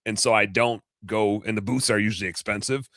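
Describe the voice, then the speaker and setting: A laid-back man with a lowish but bright, forward voice chats casually on a podcast. He keeps things short and easygoing. The sound is dry and close. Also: steady tone, fairly quick, no room sound. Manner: brief agreeing interjections, laid-back. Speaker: podcast host. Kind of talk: casual chat.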